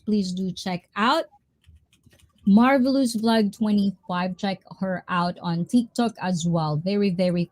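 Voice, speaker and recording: Give me a woman live-streaming, reading out comments with lots of laughs, talking slowly into a dry close mic. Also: lowish voice, a little mellow, no room sound. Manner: laughs often, mixes in Tagalog phrases.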